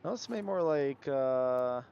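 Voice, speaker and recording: A man's voice: mid-range voice, expressive, takes it slowly, vocal fry, a little mellow, clear, resonant tone, muffled recording. A man livestreaming a building game, thinking aloud in a musing, casual way as he tries out changes. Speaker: gaming livestreamer. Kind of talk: casual gameplay commentary.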